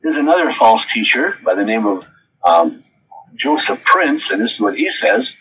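A man's voice: lowish voice, sing-song, moderate pace, bright, forceful tone, a little hiss or hum, low-quality recording. A man preaching a sermon who reads quotes from his notes and then answers them with pointed questions.

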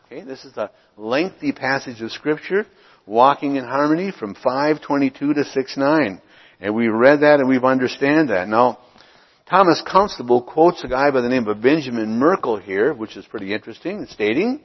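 A middle-aged male pastor preaching from the pulpit, reading scripture slowly before unpacking it in plain, informal talk. His voice has a breathy, husky edge, and it carries a long reverb from the church around him on a dull, muffled recording. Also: mid-range voice, lively intonation. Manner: reads scripture deliberately, then explains in an informal, conversational way. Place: church sanctuary.

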